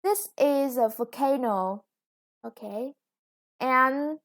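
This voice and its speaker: A woman with a Vietnamese accent teaching an English lesson, explaining patiently and drawing out new words as she goes. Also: on the high side. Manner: patient, explains slowly, stretches new words, self-corrects. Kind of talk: recorded classroom lesson for students.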